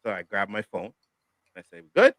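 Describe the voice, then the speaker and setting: A man's voice: on the low side, brisk, vocal fry, no room sound. A man hosting a casual panel talk show, telling a long story in a profane, worked-up way. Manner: profane, animated storytelling rant. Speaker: show host.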